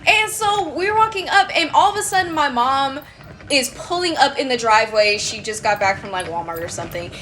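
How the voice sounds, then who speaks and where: A woman telling a true story from her childhood in a casual, animated, chatty way with lots of fillers. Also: high voice, a little fast, a little hiss or hum. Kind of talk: casual storytime while crocheting.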